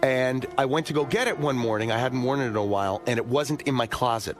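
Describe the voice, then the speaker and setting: A man on a radio show telling a personal story in an earnest, halting way, with many pauses and restarts. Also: medium pitch, soft background music. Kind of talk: casual studio talk. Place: radio studio.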